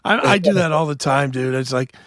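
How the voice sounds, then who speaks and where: A male podcast host chatting casually, hoarse and joking, with a profane, laughing manner. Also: a little high, fairly quick, a bit bright, dry recording, studio quality. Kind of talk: casual chat.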